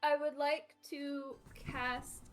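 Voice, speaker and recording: A woman plays a streamed tabletop game, pitching eager plans and dropping them just as fast. Her voice sits quite high, with faint music in the background. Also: level tone. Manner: eager, quick to back down. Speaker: player.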